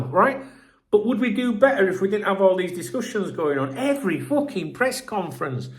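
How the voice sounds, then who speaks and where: A middle-aged man delivers a rambling, sweary sign-off on his football channel. He sounds fed up and exasperated, and his pitch swings up and down a lot as he rants. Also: very animated, normal speed.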